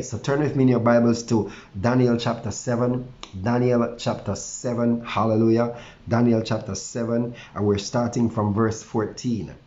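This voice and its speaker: A man's voice: fairly low pitch, dark tone, muffled recording. A male pastor preaching a morning devotion with fervor, with a slightly stuffy nose and frequent hallelujahs. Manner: fervent preaching with repeated hallelujahs. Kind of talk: online morning devotion sermon.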